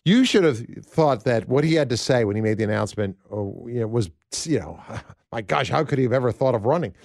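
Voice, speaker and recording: A man's voice: medium pitch, expressive, brisk, creaky, a little mellow, dry recording, studio quality. A man hosting a political talk show, rambling and conversational with lots of fillers.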